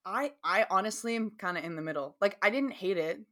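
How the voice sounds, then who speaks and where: A woman's voice: medium pitch, expressive, brisk, a bit bright. A woman with a Southern accent, co-hosting a podcast in rambling, chatty conversation. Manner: rambling, chatty, laughs easily. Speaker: podcast co-host. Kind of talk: casual chat.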